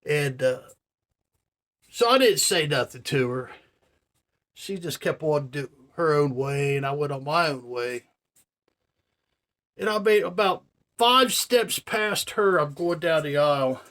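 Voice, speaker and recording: A man on a vlog spins a story and slides into a profane rant, checking in with his viewers as he goes. His voice sits a bit on the high side. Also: lively intonation, unhurried, pauses often, fairly bright tone. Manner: profane, ranting, addresses viewers directly. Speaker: vlogger. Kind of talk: casual storytelling rant to camera.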